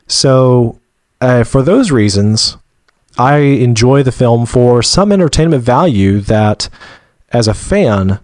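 A man from Georgia co-hosts a casual movie podcast, weighing his thoughts aloud and pausing to hunt for words. His voice sits in an ordinary middle register. The sound is dry and close, with no room around it. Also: medium pitch, darkish tone, dry recording. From Georgia, USA. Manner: measured, searches for words with fillers. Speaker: podcast co-host. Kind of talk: casual movie review discussion.

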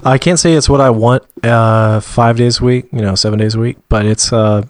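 A man from Georgia co-hosts a casual movie podcast, weighing his thoughts aloud and pausing to hunt for words. His voice sits in an ordinary middle register. The sound is dry and close, with no room around it. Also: medium pitch, steady tone, no room sound. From Georgia, USA. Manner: measured, searches for words with fillers. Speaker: podcast co-host. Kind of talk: casual movie review discussion.

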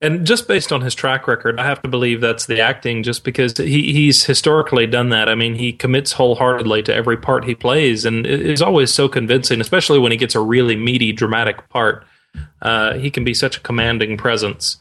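A man co-hosting a podcast as a film reviewer, talking in a measured, analytical way. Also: mid-range voice, steady tone, fairly bright tone. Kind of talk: casual podcast discussion.

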